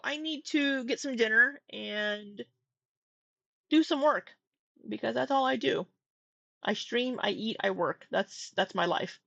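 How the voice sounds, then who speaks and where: A woman's voice: medium pitch, creaky, a bit bright, dry recording, dull audio. A woman hosting a casual livestream, talking candidly, swearing now and then and getting exasperated. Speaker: livestream commentary host.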